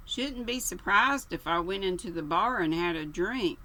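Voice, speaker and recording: A woman's voice: fairly low pitch, expressive, normal speed, bright, forceful tone, poor audio. A woman voicing a dim, vague young Englishman who rambles and halts as he talks.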